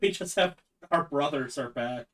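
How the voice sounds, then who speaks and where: A man with a Midwest Canadian accent in casual chat as a tabletop game player, easygoing and quick to laugh, trailing off into fillers. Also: on the high side, a bit bright, far from the mic.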